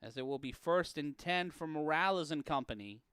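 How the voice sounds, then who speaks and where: A man calling an amateur football game play-by-play, profane and prone to erupting into shouts and laughter on big plays. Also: a little high, expressive, moderate pace, clear, resonant tone, no echo, studio quality. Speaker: play-by-play commentator. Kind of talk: sports commentary.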